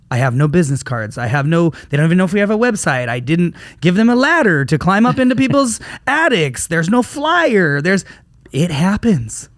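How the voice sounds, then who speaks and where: A lively man co-hosting a business podcast, his pitch sitting a little high and swinging widely as he tells a story. He acts out both sides of the conversations he recounts. The sound is close and dry, with no room in it. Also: dry recording. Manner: animated storyteller, acts out quoted exchanges. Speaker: podcast co-host. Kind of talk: casual business podcast chat.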